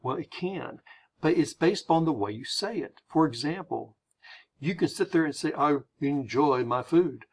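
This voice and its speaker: A man's voice: on the high side, expressive, moderate pace, vocal fry, darkish tone, breathy edge. A man with an American accent teaching a lesson on word choice, chatty, stopping to explain and repeating example phrases aloud.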